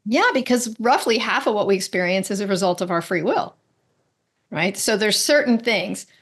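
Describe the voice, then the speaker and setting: Woman guest telling lively stories. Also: medium pitch, normal speed, husky. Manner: animated storyteller, acts out quoted voices; frequent "right?" tag questions. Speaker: guest, medical intuitive. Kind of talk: conversational interview.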